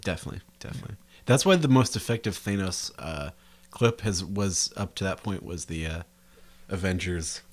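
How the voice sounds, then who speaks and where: A young man co-hosting a casual podcast chat, animated and quick to laugh. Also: low voice. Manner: animated, laughs often, breaks into quoted impressions. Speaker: podcast co-host.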